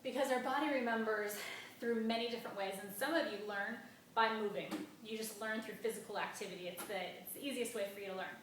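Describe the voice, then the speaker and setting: A woman's voice: on the high side, fast, slight background noise. Upbeat woman teacher chanting grammar syllables. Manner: upbeat and encouraging, chanting syllables and clapping beats. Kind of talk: classroom-style grammar lesson. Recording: very echoey room, mic at a distance.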